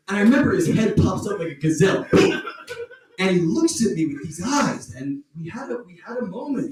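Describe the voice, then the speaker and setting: Brief: male comic, crude and self-mocking, slightly high voice, distant and echoey club sound. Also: sing-song, a little fast, heavy background noise. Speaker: stand-up comedian. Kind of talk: stand-up set. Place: comedy club stage.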